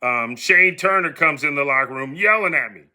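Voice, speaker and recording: This slightly high-voiced, middle-aged American speaks at a normal rate while casually telling a story from his own life on his podcast. He stays animated throughout, performing the quoted voices of the people involved.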